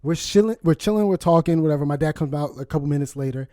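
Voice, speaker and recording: A young man telling a funny family story on a podcast, animated, often laughing and acting out quotes. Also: a little high, rapid-fire, dry recording, clean studio sound. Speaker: podcast co-host. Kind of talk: casual storytelling chat.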